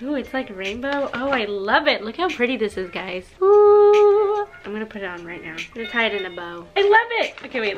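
A young woman vlogging in a casual, gushing, excitable way as she opens letters from friends. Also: a little high, slight background noise. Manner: gushing, excitable, often gasping and laughing. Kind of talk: casual vlog chat.

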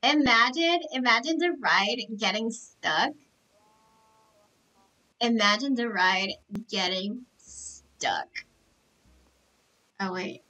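A woman live-streaming a game, chatting to viewers in an excitable, gushing way full of gasps and exclamations. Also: a little high, takes it slowly, long pauses, far from the mic, low-quality recording.

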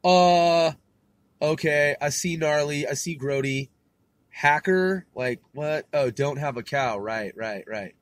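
A man's voice: fairly high pitch, takes it slowly, no echo. A man hosting a podcast, talking casually in a laid-back, slangy way, swearing a lot and laughing often. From California. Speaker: podcast host. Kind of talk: casual profane monologue.

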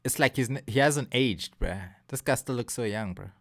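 A young man, hosting a casual music video reaction and talking straight to his viewers in a loose, excitable way. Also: mid-range voice, normal speed, creaky, very noisy. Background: faint hip hop from the video.

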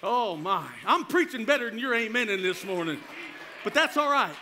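A man's voice: high-pitched, sing-song, normal speed, sharp tone, slight background noise. A man preaching a sermon as pastor, fervent, drawing call-and-response from the congregation.

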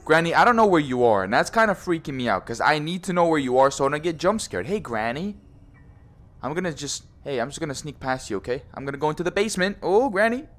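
A man's voice: a little high, very animated, fast talker, a bit bright. A young man commenting on a horror VR game, joking, swearing and teasing, often saying bro. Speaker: gaming YouTuber.

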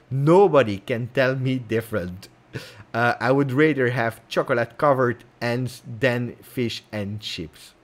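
A man hosting a casual livestream chat, teasing and repeating words for effect. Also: mid-range voice. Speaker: host of a football fan channel.

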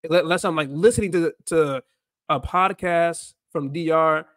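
An American livestream host and language learner rambles casually, repeating himself and slipping in Spanish phrases. His voice is fairly high and fairly bright at a moderate pace, recorded clean in the studio with no room sound.

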